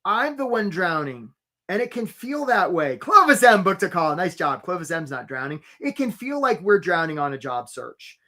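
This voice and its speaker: Energetic career coach, a man hosting a live webinar, chatty and quick to shout out attendees by name. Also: high-pitched.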